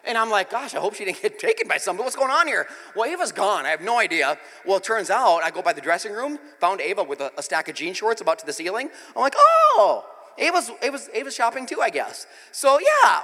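A lively, high-voiced man in his forties preaches in a church sanctuary, his bright tone carrying through a long hall reverb. He swings from hushed asides to loud, acted-out moments as he tells his story. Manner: animated, swings from quiet to loud, acts out scenes. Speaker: pastor. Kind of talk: sermon with storytelling.

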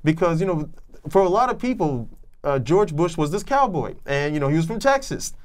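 A man's voice: a little high, very animated, fairly quick. A man on a podcast, chatting casually about films in a rambling way with many restarts. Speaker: podcast co-host. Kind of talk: casual film review chat.

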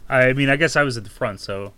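A man's voice: mid-range voice, fast, sharp tone, no echo. A man playing in a tabletop game, talking hesitantly and asking questions. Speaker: player. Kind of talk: tabletop role-play.

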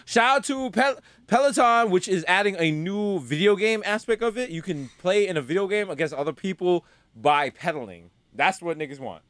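A young man hosting a podcast, riffing through casual comedic banter in an animated way. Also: high-pitched, no room sound, studio quality. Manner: animated, riffing, quick bits. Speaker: podcast host.

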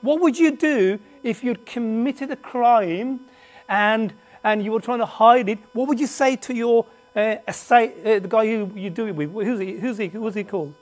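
A preacher with a medium-pitched voice and moderate pace teaches a Bible class to a live group while standing before them in a meeting room. He talks conversationally, with restarts and asides, often and emphatically putting questions to the audience, and has a slight cough.

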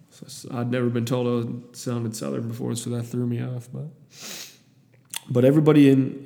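A man's voice: medium pitch, dark tone, in a large hall. A young man from Iowa telling a story in a casual, rambling, profane way, with many restarts.

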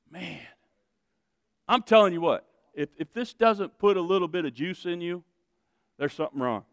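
A male pastor preaches with fiery energy, rising to loud shouted calls and dropping to quiet, chatty asides. His voice sits high and sounds smooth and clear. It is picked up close and dry, with a long reverb from a large hall. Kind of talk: sermon. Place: church sanctuary with congregation.

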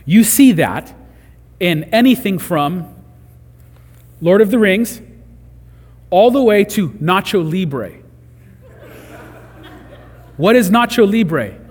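A man delivers a sermon in an earnest, conversational way, building to emphatic moments. His voice sits a little high and has a husky edge. The sound carries a long reverb, as from a large hall. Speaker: pastor.

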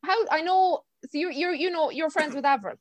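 A woman hosting a podcast and chatting easily with a guest. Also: sits high. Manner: friendly, chatty, quick reactions. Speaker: podcast host. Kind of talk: casual chat.

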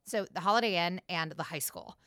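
Woman co-host, casual podcast chat, animated teasing storyteller with heavy swearing, dry close sound. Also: fairly low pitch, a little fast, no echo.

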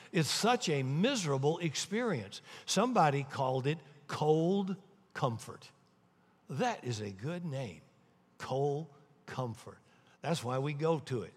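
A man preaching a sermon, emphatic and repeating key lines, swinging between loud stresses and hushed asides. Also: fairly high pitch, slightly rough. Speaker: pastor. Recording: long hall reverb.

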